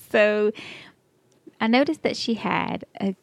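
A woman's voice: mid-range voice, takes it slowly, vocal fry, no echo. A woman with a Texas twang tells a story in a casual chat, breaking into laughter again and again. Her voice sits in an ordinary middle range. The sound is close and dry. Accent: Texan. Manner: animated, laughs often, acts out her own thoughts.

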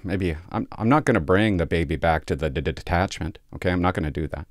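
A man's voice: deep voice, fast, no echo, clean studio sound, voice pushed down, close to an everyday voice. A man voicing a hesitant child services caseworker who hems and haws, in a stand-up bit. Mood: reluctant. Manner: hemming and hawing.

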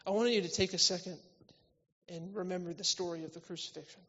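Male preacher, church sermon, emphatic then hushed, long hall reverb, slightly muffled sound. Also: sits high, steady tone, fast. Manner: swings between loud emphatic lines and quiet intimate ones.

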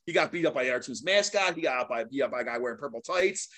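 A middle-aged man, a guest and longtime sports mascot, telling stories in a casual, animated way, laughing often and acting out what others said. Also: medium pitch, fast. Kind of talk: casual storytelling.

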